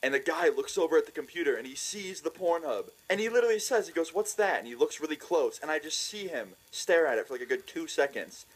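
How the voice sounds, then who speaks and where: A young man telling a funny story for a vlog, excitable and profane, laughing as he goes. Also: a little high, fast talker, hardly any pauses, breathy edge, low-quality recording. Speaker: vlogger.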